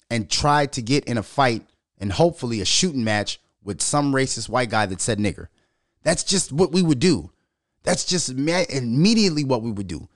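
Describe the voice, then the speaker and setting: A middle-aged man ranting in a loud, profane, storytelling way as a commentary vlogger. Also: mid-range voice, no room sound, clean studio sound. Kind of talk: unscripted profane rant.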